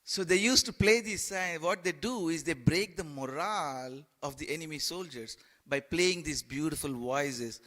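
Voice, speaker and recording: A man preaching a sermon in a temple hall, halting and repeating words, with playful asides. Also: a little high, sharp tone.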